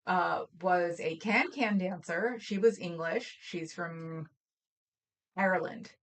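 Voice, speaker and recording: Taking it slowly in a lowish, slightly bright voice, a woman from Oakland, California, co-hosts a livestream. She rambles casually, telling stories and trailing off with fillers.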